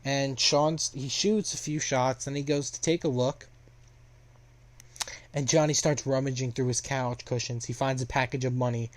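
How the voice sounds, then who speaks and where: A man's voice: mid-range voice, steady tone, normal speed. A young man casually recapping a story plot, rambling with lots of fillers.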